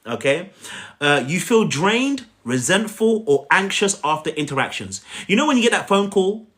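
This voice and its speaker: A man's voice: high-pitched, big pitch swings, normal speed, a bit bright. A man giving an emphatic, repetitive coaching talk on a live stream, asking viewers to repeat after him and speaking to them directly. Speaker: relationship coach.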